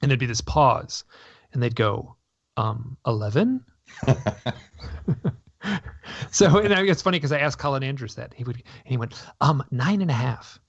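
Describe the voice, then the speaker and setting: Rambling man with a gravelly voice. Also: medium pitch, normal speed, pauses often, dry recording. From North America. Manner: rambling, self-interrupting, animated storytelling. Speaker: guest. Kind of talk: conversational interview storytelling. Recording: dull lo-fi radio audio.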